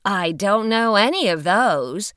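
A woman reading an audiobook, voicing a brisk, chatty female investigator who speaks eagerly and openly. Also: mid-range voice, animated, fairly bright tone, clear, resonant tone, no room sound, clean studio sound. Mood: chatty, candid.

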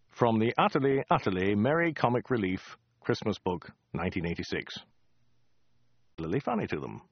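A man's voice: mid-range voice, breathy edge, dry recording, dull audio. A man narrating a comic science fiction story in a dry, wry storytelling manner. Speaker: audiobook narrator.

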